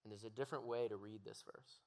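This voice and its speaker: A man's voice: lowish voice, steady tone, fast, warm tone. A young man giving a youth sermon, earnest and building to raised, emphatic pleading. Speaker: youth pastor. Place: youth service room with audience.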